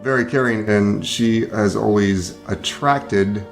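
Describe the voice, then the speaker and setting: A man speaking in a casual interview, halting and repeating words as he gathers his thoughts. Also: fairly low pitch, vocal fry, faint music behind. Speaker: interviewee, husband.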